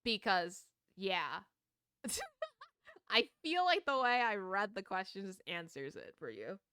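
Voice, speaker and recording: Young woman streamer ranting + swearing, smooth clear voice, super dry close sound. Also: mid-range voice, very animated, bright, forceful tone, no echo. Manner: ranting, swearing, quick laughs. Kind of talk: casual gaming stream chat.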